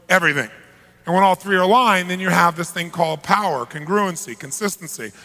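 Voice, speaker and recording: A man leads a live seminar with energy, throwing questions out to the crowd. His voice sits high and has a gravelly edge, and it echoes around a large hall. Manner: energetic, asks the audience questions. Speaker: motivational seminar speaker.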